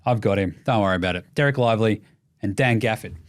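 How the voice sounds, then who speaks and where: A young Australian man hosting a casual sports show, sweary and jokey as he rattles through his takes. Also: on the low side. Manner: fast, sweary, jokey, animated. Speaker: podcast host.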